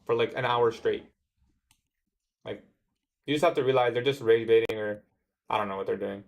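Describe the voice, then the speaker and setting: A man's voice: medium pitch, steady tone, normal speed. A young man chatting casually on his day-trading livestream, answering viewer comments in a laid-back way. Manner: laid-back, says "bro" often, talks back to chat.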